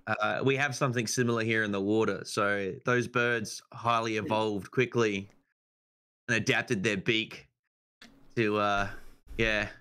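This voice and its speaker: Aussie guy joking around on a podcast, bright forceful tone. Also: fairly low pitch, fairly even intonation, unhurried, smooth. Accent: Australian. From Australia. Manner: joking, laid-back storytelling. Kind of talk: casual chat.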